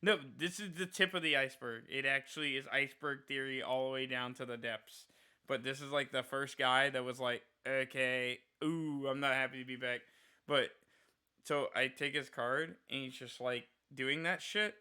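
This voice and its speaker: A man streaming live rambles through a rant in a bright, sharp voice. His tone is crisp and clear, and his talk is casual and profane, laced with constant "like" fillers. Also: mid-range voice, fairly even intonation, moderate pace.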